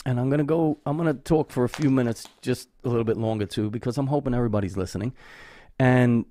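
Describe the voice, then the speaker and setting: A fast-talking man with a warm, medium-pitched voice hosts his own YouTube channel from a home studio. Of Irish heritage, he speaks casually to camera in a loose, earnest ramble, filled with fillers and restarts.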